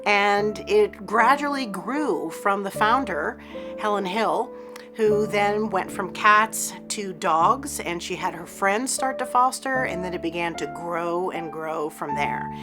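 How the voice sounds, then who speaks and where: A woman's voice: medium pitch, slow. Woman explaining a rescue program. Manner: steady, informative. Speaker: executive director of an animal rescue. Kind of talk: documentary interview. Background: music.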